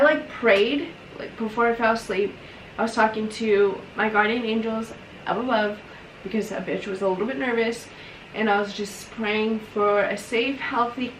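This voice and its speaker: A woman's voice: a little high, fairly bright tone, slight background noise. A young woman casually telling a personal story while doing her makeup, chatty and emotional, with lots of fillers. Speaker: vlogger. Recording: roomy echo, mic at a distance.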